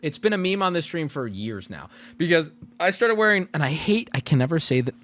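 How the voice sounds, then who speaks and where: Talking a little fast, a streamer recounts a story to his chat, casual and lively, lurching from loud outbursts to quiet mutters.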